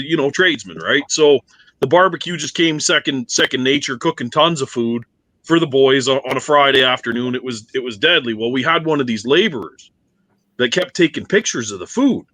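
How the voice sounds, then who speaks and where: A man's voice: medium pitch, brisk, fairly bright tone, no echo. A man appearing as a guest in a casual chat, telling stories animatedly and laughing often.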